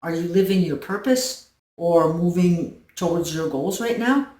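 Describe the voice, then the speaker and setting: A woman hosting her own channel, giving a slow, earnest self-help talk that she drifts into softly. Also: lowish voice, lively intonation, distant mic. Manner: slow, earnest, storytelling with soft dips in volume. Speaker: channel host. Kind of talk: reflective self-help monologue. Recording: roomy echo, voice set back from the mic.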